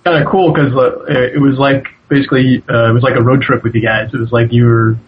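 A man's voice: medium pitch, steady tone, fairly quick, highs cut off, slight background noise. A man who is a podcast guest, chatting easily and laughing as he tells a story. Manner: easygoing, laughs while telling stories. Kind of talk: casual chat.

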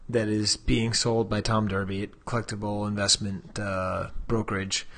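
A man's voice: lowish voice, flat delivery, moderate pace, fairly bright tone. A man co-hosting a podcast in casual chat, joking and drifting off on tangents. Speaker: podcast co-host.

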